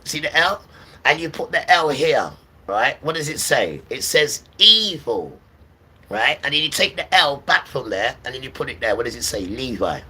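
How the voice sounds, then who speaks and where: A man's voice: medium pitch, very animated, moderate pace, bright, forceful tone, recorded from a distance, low-quality recording. A man preaching and ranting to viewers on a livestream, often checking in with "right?".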